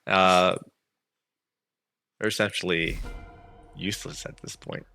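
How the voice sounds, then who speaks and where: A man runs a tabletop game as game master, his voice very bright and forward. He narrates at an unhurried pace, animated and often laughing as he tells what happens. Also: low voice, creaky, clear, resonant tone.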